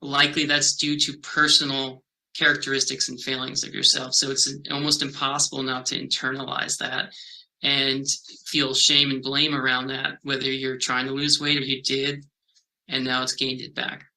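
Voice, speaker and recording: A male researcher answers interview questions in a very bright, forward voice. He speaks thoughtfully and haltingly, restarting phrases and filling gaps with "um". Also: mid-range voice, completely flat delivery, low-quality recording. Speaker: health behavior researcher.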